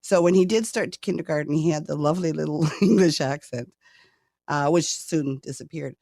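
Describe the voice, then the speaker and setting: A woman's voice: sits low, a little fast, vocal fry, warm tone, dry recording. Canadian woman in her 60s, retired guest, giggly and restarting, dry close sound. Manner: laughs often, repeats words as she starts sentences. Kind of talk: casual interview chat.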